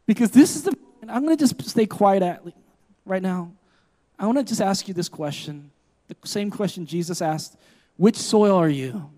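A man's voice: high voice, animated, moderate pace, dark tone. A man preaching a sermon as pastor, emphatic and impassioned, a parent of children. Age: adult with children.

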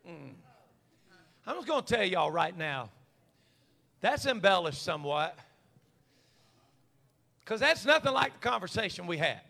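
A man preaching a sermon, folksy and stammering, swinging from quiet asides to fiery shouts. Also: high-pitched, sing-song, a little slow, creaky, long pauses.

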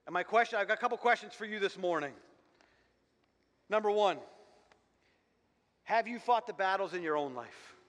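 High-voiced pastor guy preaching hard, lots of repeats, echoey church hall. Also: animated, brisk, pauses often, a bit bright. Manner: fervent, repetitive preaching with many restarts. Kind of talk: sermon. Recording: long hall reverb.

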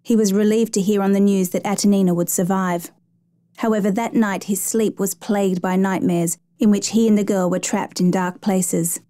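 A woman narrates a true rescue story in a steady, measured storytelling voice. Her tone is warm and mellow, sitting in the middle of the usual range. The sound is close and dry, with no room around it. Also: medium pitch, no echo.

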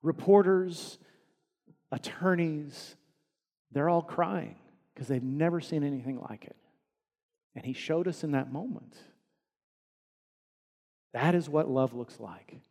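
A male pastor delivering a sermon in an earnest voice that sits a little high for a man. He swings from emphatic, ringing peaks to quiet, hushed lines. A long hall reverb trails each phrase. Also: slow pace, long pauses. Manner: earnest, rising to emphatic peaks then dropping soft.

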